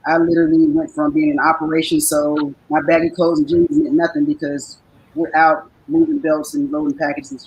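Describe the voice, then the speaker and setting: A woman speaking in a hesitant, reflective way in a casual group chat, pausing and restarting. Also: low-pitched, darkish tone, low-quality recording.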